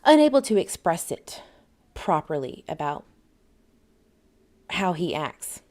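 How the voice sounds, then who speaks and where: This Southern-accented woman hosts a casual livestream where she chats, reads out viewer comments, and laughs a lot. Her pitch is fairly low but swings widely, and she talks slowly in a slightly mellow voice.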